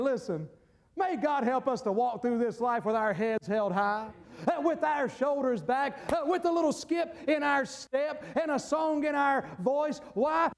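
High-voiced shouting preacher. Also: male voice. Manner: emphatic, laughs between points, rises to shouts. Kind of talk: sermon.

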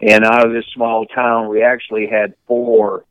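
Older male guest, Michigan-raised, resonant, dry close mic, animated storyteller. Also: on the low side, measured pace, clear, resonant tone, no echo, low-quality recording. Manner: animated anecdote teller, mimics yelping dogs and shouting people. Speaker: podcast guest, retired baseball pitcher. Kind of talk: casual storytelling chat.

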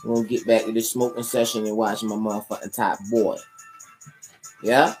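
A woman with a remarkably deep voice holds forth in a loose, profane livestream ramble. She talks like a podcast host hanging out with the audience, full of street slang. Music plays clearly in the background. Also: level tone, normal speed, a little mellow. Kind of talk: casual livestream rant. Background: music playing.

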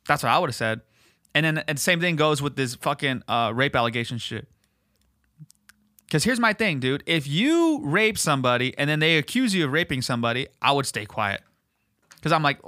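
A man hosting a podcast, ranting in a profane, fired-up casual way, often calling the listener dude, his voice jumping higher and louder when he gets worked up. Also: big pitch swings, a little fast, no room sound, clean studio sound. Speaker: podcast host. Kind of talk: heated casual rant.

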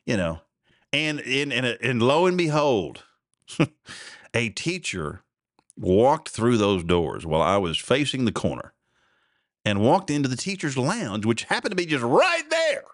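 A man's voice: mid-range voice, sing-song, measured pace, dry recording, clean studio sound. A man, hosting a podcast and telling a rambling personal story in a self-deprecating, chuckling way. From Oklahoma. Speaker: podcast host.

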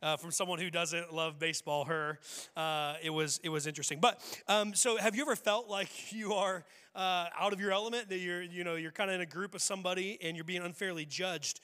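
A pastor with a high, bright voice preaches a loose, joking sermon. He talks to the room as if chatting, often restarting his phrases. His voice carries a long reverb from a church hall. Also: fairly even intonation, a little fast. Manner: conversational, humorous, frequent restarts. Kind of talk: casual sermon. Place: church sanctuary.

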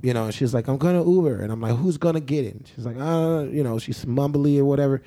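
A young man telling a long story in casual podcast chat, animated and laughing often, acting out what people said. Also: mid-range voice, quick pace. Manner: animated, laughing, acts out quoted lines. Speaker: podcast co-host.

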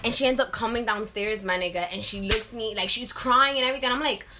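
A young woman telling a story in casual chat, loud, expressive and full of slang. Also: a little high, quick pace, music in the background.

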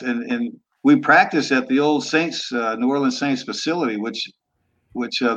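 A man's voice: mid-range voice, fairly bright tone, highs cut off. Laid-back man in his sixties. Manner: laid-back, trailing off, rough language. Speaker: guest, former football quarterback. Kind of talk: casual storytelling interview.

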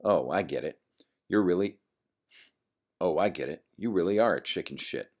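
A foul-mouthed bully picks a fight in a bar, taunting and sneering. A man voices him in his own very deep register, a little louder than his narration. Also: animated, moderate pace.

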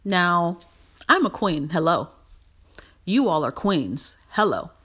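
A woman hosting a podcast in a casual motivational monologue, animated and emphatic, repeating phrases for emphasis. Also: fairly low pitch, slow pace, slightly rough. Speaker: podcast host.

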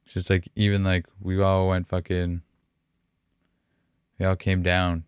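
Deep-voiced young man, halting and profane. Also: completely flat delivery, smooth, no room sound, clean studio sound. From Canada. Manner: halting, profane, full of fillers and restarts. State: emotional, sighing. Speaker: podcast host. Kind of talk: candid emotional podcast talk.

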